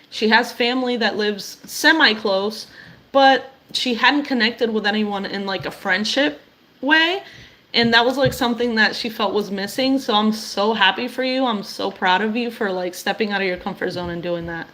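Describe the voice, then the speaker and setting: A young woman hosting a weekly live stream, talking encouragingly and directly to her viewers. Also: mid-range voice. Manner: warm, affirming, addresses viewers directly.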